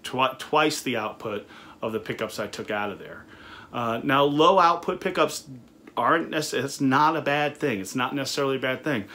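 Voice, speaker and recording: A man's voice: medium pitch, fairly bright tone, slight background noise. A middle-aged man who owns a recording studio, reviewing a budget guitar in a casual, conversational way with frequent fillers and restarts. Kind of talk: casual product review talk.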